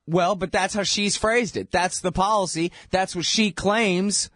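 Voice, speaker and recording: A man's voice: high-pitched, fairly even intonation, measured pace, fairly bright tone, dry recording, studio quality. A man hosting a radio show, delivering sarcastic, mocking political commentary.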